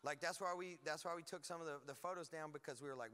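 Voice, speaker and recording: A man preaching a lively sermon as pastor, emphatic and energetic with frequent asides. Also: a little high, fast talker, hardly any pauses, long reverb tail. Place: church hall.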